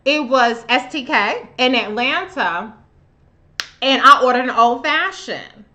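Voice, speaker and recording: Woman, bright sharp voice, sassy profane commentary, live stream. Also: sits high, lively intonation, takes it slowly. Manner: sassy, emphatic, loose and profane. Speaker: live show host. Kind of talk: profane political commentary monologue.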